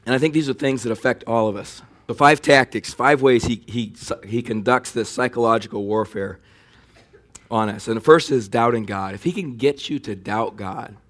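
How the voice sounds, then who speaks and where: A man delivers a sermon in an easy, conversational voice at a middle pitch. He talks to the congregation like he's chatting with them, leaning into points with extra emphasis. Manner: conversational preaching, animated when mocking enemy taunts. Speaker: pastor.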